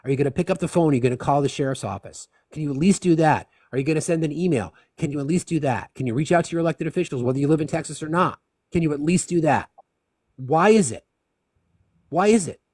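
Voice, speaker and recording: A man hosting a live discussion stream, speaking with impassioned, rapid-fire rhetorical questions. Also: on the high side, darkish tone, dry recording, studio quality. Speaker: livestream host.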